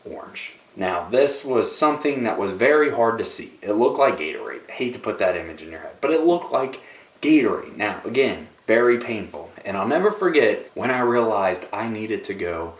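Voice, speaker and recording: Lively man telling a story, echoey room. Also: fairly low pitch, normal speed, hardly any pauses, far from the mic. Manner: animated, dramatic retelling with playful asides. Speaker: vlogger. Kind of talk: casual storytelling to camera. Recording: echoey room, voice a bit off-mic.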